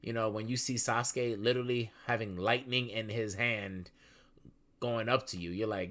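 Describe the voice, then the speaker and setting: A man co-hosting a podcast, telling profane stories in casual chat with sudden loud outbursts. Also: lowish voice, fairly even intonation, normal speed. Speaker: podcast co-host.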